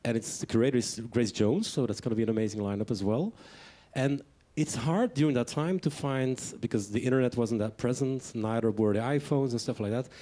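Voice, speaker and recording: A man's voice: medium pitch, brisk, hardly any pauses, mellow. A man interviewing a guest on a venue stage, speaking in a conversational, informal way.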